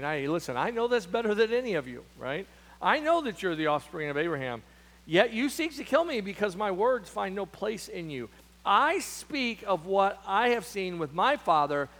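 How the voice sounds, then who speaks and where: A man's voice: high voice, a bit bright. A man preaching a sermon as pastor, emphatic, with frequent restarts and fillers. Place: church sanctuary. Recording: long hall reverb.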